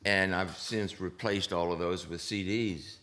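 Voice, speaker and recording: Older male drummer, panel guest; low, chatty, animated, mouths beats and hisses out percussion. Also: measured pace. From United States. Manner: animated, sings rhythms aloud, hisses percussion sounds. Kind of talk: anecdotal storytelling on a panel. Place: stage panel before an audience.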